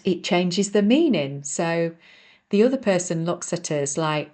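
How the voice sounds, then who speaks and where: Woman, low voice, reading her own book aloud, podcast, earnest, chatty asides. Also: lively intonation, measured pace, darkish tone. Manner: earnest, addresses listeners as folks, self-deprecating asides. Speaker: author and podcast host.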